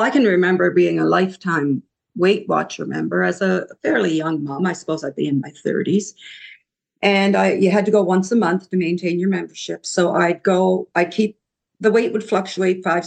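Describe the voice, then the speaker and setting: Gravelly older woman, reflective. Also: lowish voice. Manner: reflective, halting storytelling. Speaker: podcast guest. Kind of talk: personal recovery story.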